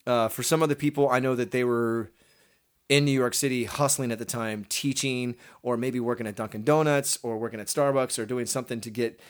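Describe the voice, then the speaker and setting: A man in a relaxed interview, retelling his start as a performer in long, rambling turns. He often restarts a sentence midway and slips into voices to act out what others said. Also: mid-range voice, fairly quick. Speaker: guest, stage performer. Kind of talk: casual storytelling interview.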